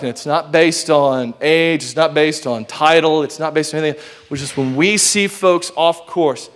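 A youth pastor giving a lively sermon, calling out to his congregation and sometimes shouting. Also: fairly high pitch. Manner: lively preaching with call-and-response, sometimes shouting.

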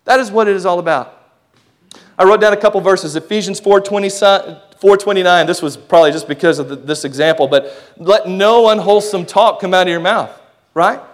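A youth pastor giving a lively sermon, calling out to his congregation and sometimes shouting. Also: high-pitched. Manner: lively preaching with call-and-response, sometimes shouting.

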